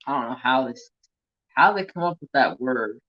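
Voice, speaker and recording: A man from California rambles casually to his stream viewers, joking with himself and slipping into a Southern-tinged drawl. His pitch sits in the middle, and the sound comes through dull and lo-fi. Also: lively intonation, moderate pace. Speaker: craft channel host. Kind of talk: casual live-stream chat.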